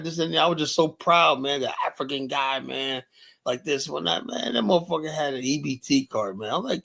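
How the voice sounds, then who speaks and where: A man's voice: on the high side, expressive, brisk, creaky, fairly bright tone. A man hosting a livestream, talking in a grumpy, profane, rambling way. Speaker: livestream host. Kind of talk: casual ranting livestream talk.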